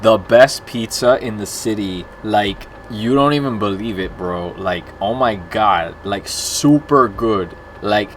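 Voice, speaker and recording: A man voicing an exaggerated young Miami bro, gushing with a Miami accent and piling on fillers and drawn-out exclamations. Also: lowish voice, a bit bright, slight background noise.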